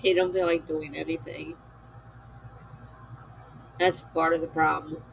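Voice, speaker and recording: A woman's voice: deep voice, level tone, gravelly, slight background noise, low-quality recording. A tired woman chatting casually with her live-stream viewers, weary and given to laughing. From United States. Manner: slow, weary, laughs often. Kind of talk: casual chat with chat readers.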